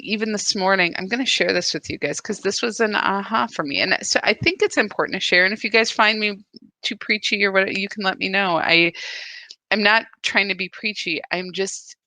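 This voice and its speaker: Speaking live as host of a spiritual practice, a woman reflects in an earnest, confessional, searching tone. Her medium-pitched voice sounds pushed and bright, captured in a dry recording.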